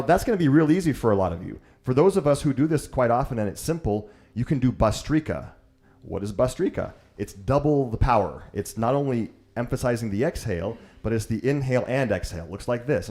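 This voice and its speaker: A man teaching yoga guides his class through breathwork with an easygoing, joking manner. His pitch sits in a middle range but moves animatedly up and down as he encourages the group. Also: expressive, fairly quick, mellow.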